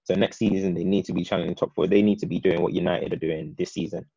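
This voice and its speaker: Deep gravelly man in casual chat. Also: fast, dry recording, muffled recording. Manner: animated, talks in long opinionated runs.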